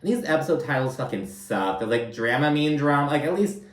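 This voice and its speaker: A man's voice: on the high side, expressive, brisk, recorded from a distance. A man giving a casual, blunt recap of a reality TV show, full of swearing and fillers like "like" and "you know". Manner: blunt, profane, filler-heavy chatter. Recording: roomy, from off-mic.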